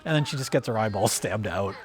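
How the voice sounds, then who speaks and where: A man's voice: lowish voice, expressive, fast. A man co-hosting a casual film review, recapping the plot with laughs. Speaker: co-host.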